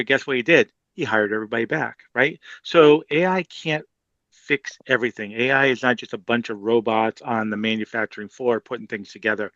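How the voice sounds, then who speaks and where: A man with a Boston accent, speaking on a webinar panel with an emphatic, lively manner. His voice sits mid-range. He sounds dull and dry, as on a lo-fi video call. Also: medium pitch, dry recording. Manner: animated, emphatic, conversational.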